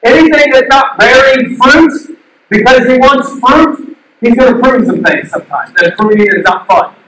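A male pastor giving a sermon in an animated way, asking the crowd questions and acting out the quotes he tells. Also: extremely high pitch, normal speed. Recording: distant mic in a very echoey hall.

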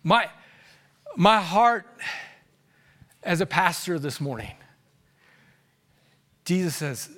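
A man preaching a sermon as pastor to his congregation, telling animated stories that swing from hushed asides to shouts, and laughing at his own stories. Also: high-pitched, takes it slowly, long pauses. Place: church service before a congregation.

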